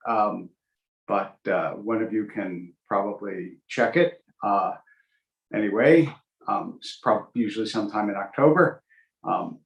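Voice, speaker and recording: A rabbi teaches an informal Torah class, speaking in a loose, conversational way full of ums and uhs. He slips in dry, sarcastic jokes as he goes. His mid-pitched voice rings out in a noticeably echoey room. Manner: dry, joking asides with many fillers. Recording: roomy echo.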